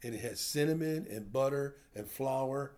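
An older man giving a sermon to a small group, talking in a plain, middle-pitched voice. He teaches conversationally and keeps checking in with questions for his listeners. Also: normal speed, crowd noise. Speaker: pastor.

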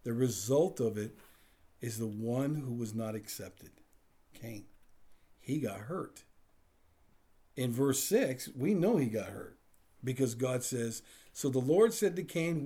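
A male pastor delivers a chatty, storytelling sermon, slipping into acted-out exchanges and chuckling as he goes. His voice is a little husky. His pitch moves a lot, swinging up and down through every phrase. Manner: animated storytelling with acted-out dialogue and laughter. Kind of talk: conversational sermon.

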